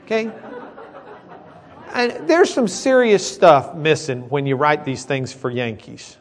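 Middle-aged Southern male Bible teacher, joking and folksy, fairly high-pitched. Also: big pitch swings. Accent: American Southern. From Southern United States. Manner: folksy and joking, reading verses slowly. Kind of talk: Bible class lecture.

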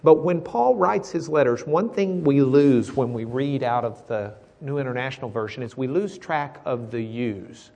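A middle-aged man with a Southern American accent, teaching a Bible class in a folksy, joking way and reading verses slowly. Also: mid-range voice, gravelly, a little mellow. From Southern United States.

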